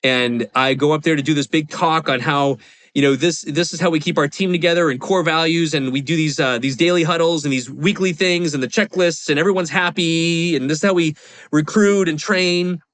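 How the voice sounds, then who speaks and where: A man's voice: fairly high pitch, a little fast, a bit bright, no echo. A man in his forties, a podcast guest, telling a personal story candidly in a rambling, confessional way with lots of fillers. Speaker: podcast guest, real estate investor.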